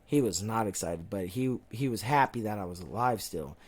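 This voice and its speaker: A man's voice: on the low side, normal speed, breathy edge. A young man co-hosting a casual podcast, telling a long story in a rambling way, swearing often and acting out what people said. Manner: rambling storyteller, swears a lot, acts out quotes. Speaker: podcast co-host. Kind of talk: casual chat.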